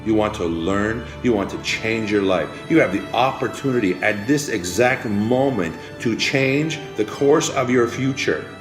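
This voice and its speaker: Male motivational speaker, low voice, roomy sound, preachy and rousing by turns. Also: animated, unhurried, hardly any pauses. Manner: preachy, repetitive, swings from hushed to rousing. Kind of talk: motivational speech. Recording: roomy with faint music behind.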